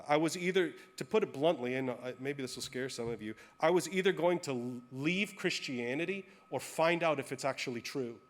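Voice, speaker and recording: A male pastor preaching a sermon, telling a personal story in a candid, self-deprecating way. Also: fairly high pitch.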